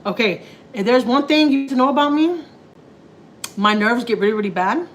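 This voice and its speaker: A woman's voice: on the high side, animated, a little fast, muffled recording. A woman chatting casually to her live viewers while cooking in her home kitchen. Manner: chatty, slangy, laughing asides. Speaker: family vlogger.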